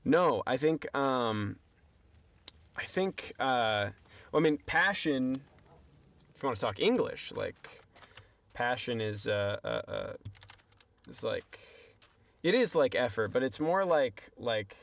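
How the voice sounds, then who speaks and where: A man's voice: mid-range voice, expressive, takes it slowly, creaky, long pauses, fairly bright tone. A young man streaming a game, chatting casually and rambling to his viewers in a self-deprecating way. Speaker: livestreamer. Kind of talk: casual gameplay stream chat.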